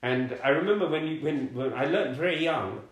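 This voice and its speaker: Middle-aged man, halting, in an echoey room. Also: on the high side, expressive. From London, England. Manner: halting, repeats words while searching for them. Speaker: interviewee. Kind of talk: conversational life story.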